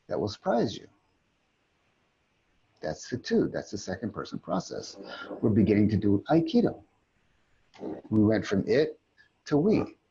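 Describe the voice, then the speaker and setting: A middle-aged man with a low, husky voice guides listeners through an inner exercise, calm and reflective, often circling back to restart a phrase. He speaks over a video call, and the sound is dull and lo-fi. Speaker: aikido teacher leading a community call. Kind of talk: guided teaching talk.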